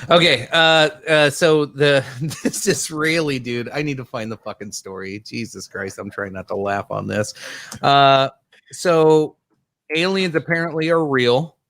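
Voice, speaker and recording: A man with a bright, forward voice recorded close and dry. He hosts a casual podcast, reading viewer comments haltingly and stumbling over ums. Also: medium pitch, no echo. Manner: halting, full of ums, giggly. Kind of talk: casual chat.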